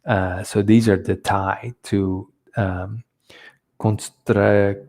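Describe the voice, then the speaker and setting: A man teaching a Bible lesson, halting often with fillers and restarts. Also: fairly low pitch, steady tone, a little mellow. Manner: hesitant, many fillers and restarts, switching between two languages.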